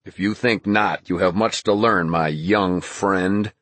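A man voicing a gruff, stubborn middle-aged head groom who talks bluntly. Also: low voice, steady tone, slow, fairly bright tone, no echo, full character voice. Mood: scornful.

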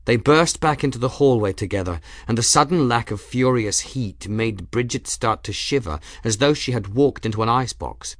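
A man reading a fantasy audiobook in a steady, dramatic storytelling manner. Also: lowish voice, dry recording, studio quality. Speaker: audiobook narrator. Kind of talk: scripted fantasy narration.

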